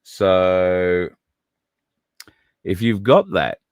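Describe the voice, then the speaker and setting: A man's voice: deep voice, drawn-out words, clean tone, no room sound, studio quality. A man hosting a livestream, talking casually and rambling, addressing viewers by name. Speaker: podcast host.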